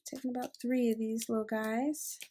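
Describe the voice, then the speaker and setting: A woman's voice: fairly high pitch, little pitch movement, moderate pace, mellow, slight background noise. A woman hosting a crafting tutorial, chatting upbeat and casual while she works with her hands. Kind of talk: casual how-to demonstration.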